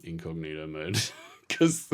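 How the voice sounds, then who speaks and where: A man with a very low voice hosts a relaxed podcast chat. He jokes and plays around with his friends. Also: a little slow. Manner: joking, playful. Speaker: podcast host. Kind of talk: casual chat.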